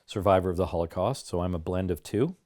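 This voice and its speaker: A man's voice: deep voice, fast talker, a little mellow. A middle-aged man co-hosting a podcast, talking about a court ruling in a teasing, sarcastic and pushy way. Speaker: podcast co-host, lawyer. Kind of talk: casual legal debate.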